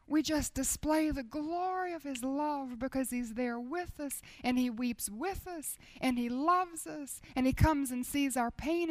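A high-pitched woman delivers a sermon with fervent intensity. She pushes her voice up into loud, insistent appeals, then sinks into soft, near-whispered passages. The sound is dry and close, with no room around it. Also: dry recording. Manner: intense, swings between loud urging and hushed near-whispers. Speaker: speaker at a Christian women's gathering.

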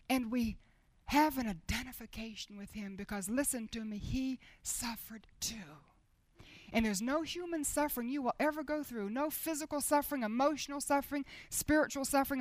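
A high-pitched woman delivers a sermon with fervent intensity. She pushes her voice up into loud, insistent appeals, then sinks into soft, near-whispered passages. The sound is dry and close, with no room around it. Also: no echo. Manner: intense, swings between loud urging and hushed near-whispers. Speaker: speaker at a Christian women's gathering.

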